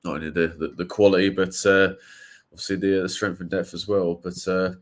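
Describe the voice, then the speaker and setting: Fan co-host, man, low pitch, hesitant chatty delivery. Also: flat delivery, fairly quick. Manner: hesitant, many fillers and restarts. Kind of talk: casual chat.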